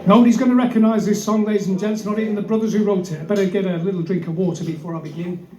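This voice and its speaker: A man's voice: sits high, steady tone, very fast, mellow, dull audio, faint music behind. A man performing live comedy, telling a tall tale on stage and calling out to the crowd theatrically. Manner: theatrical, bellowing asides and crowd address. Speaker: comic singer and storyteller on stage. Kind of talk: live comedy storytelling with audience participation. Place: live gig in an indoor brewery venue. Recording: roomy live venue sound.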